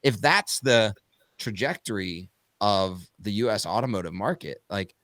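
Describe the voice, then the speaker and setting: A man from the United States co-hosting a panel talk, animated and talking in long run-on thoughts. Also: lowish voice, a little slow, dry recording, clean studio sound. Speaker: podcast co-host. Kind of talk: conversational panel discussion.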